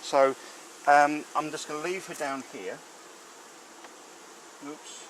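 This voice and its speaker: Speaking slowly in a slightly high, somewhat bright voice, a man rambles chattily with plenty of fillers while working by a beehive outdoors. The rough handheld or mounted camera recording has a little hiss or hum, and the buzzing of bees is clearly heard.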